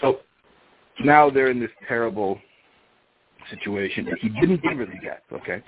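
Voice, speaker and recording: A man's voice: medium pitch, moderate pace, breathy edge, phone-quality sound. A man telling a story in a casual, chatty way, with fillers and asides to his listeners.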